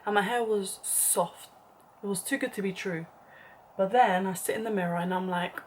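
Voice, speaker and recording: A woman's voice: mid-range voice, steady tone, moderate pace, a little hiss or hum. A young woman telling a dramatic story in a casual vlog, chatty and full of "like", sometimes dropping to a whispered aside. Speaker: vlogger.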